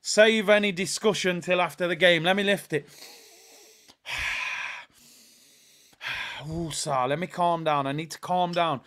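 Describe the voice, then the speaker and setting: A young man hosting a live football watch-along, reacting with frustration and shouting at the players. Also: high voice, fairly even intonation, takes it slowly, pauses often. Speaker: fan watch-along host.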